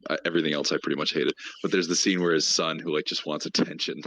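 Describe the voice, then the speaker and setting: A man's voice: rumbling low, flat delivery, quick pace, a bit bright, rough recording. A young man co-hosting a podcast, chatting casually about a movie with laid-back, jokey asides. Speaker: podcast co-host.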